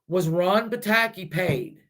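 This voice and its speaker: A man with a high-pitched voice tells a true-crime story in a loose, chatty style. He keeps stopping to rethink a point and fills the gaps with ums. He puts his theories to the viewers as questions. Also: slow, fairly bright tone. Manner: rambling and hesitant, many restarts and fillers; speculates aloud, addressing viewers directly. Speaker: true-crime channel host.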